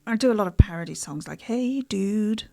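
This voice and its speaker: A woman stand-up comedian from Africa chats as a podcast guest, telling stories with deadpan asides. Her voice sits low with a gravelly fry. The sound is close and dry. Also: racing, dry recording. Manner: deadpan, cheeky storytelling with asides. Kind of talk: casual podcast chat, storytelling.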